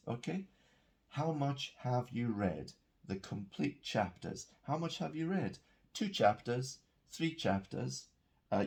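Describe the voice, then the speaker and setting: A man's voice: mid-range voice, darkish tone, slightly rough. A man teaching English grammar, patiently explaining example sentences and checking in with "okay?". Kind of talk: grammar lesson.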